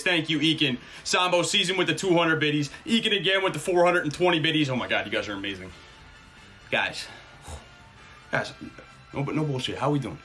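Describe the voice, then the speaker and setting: Hyped, breathless male streamer. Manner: hyped, shouting out chat names, swings from loud to low mutters. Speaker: streamer hosting a mock draft stream. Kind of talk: excited live-stream chat.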